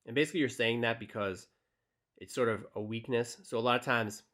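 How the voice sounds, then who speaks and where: A young man with a mid-range voice coaches on dating, speaking fairly quickly. Relaxed and direct, he uses many fillers in his casual tutorial and reads texts out loud.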